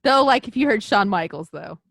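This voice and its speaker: A woman co-hosting a podcast in casual chat, excitable and gushing, swearing freely. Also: medium pitch, brisk, vocal fry, dry recording, clean studio sound. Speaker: podcast co-host.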